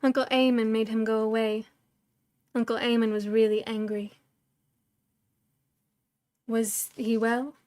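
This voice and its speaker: A woman's voice: a little high, flat delivery, a little slow, long pauses, a little mellow, dry recording. A woman reading a novel aloud as a storyteller, expressively acting out each character's lines.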